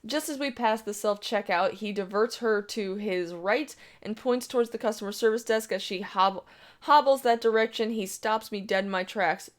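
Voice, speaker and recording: A woman reads an internet story aloud with brash, profane storytelling. Her pitch is average for a woman and her delivery is plain and direct. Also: moderate pace. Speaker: story reader. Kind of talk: reading an online story aloud.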